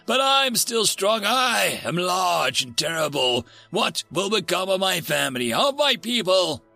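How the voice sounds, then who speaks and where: A man reading a storybook voices a massive ancient predator, proud and indignant as it faces its end. His voice climbs high and swings widely in pitch, bright in tone. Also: big pitch swings, unhurried, gravelly, dry recording, faint music behind, exaggerated voice. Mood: defiant. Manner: demanding, indignant.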